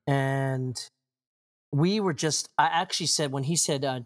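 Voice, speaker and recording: A pastor in his forties, a guest in a casual interview, tells his story with energy, acting out the people in it and laughing often. His voice is medium-pitched at a normal speed.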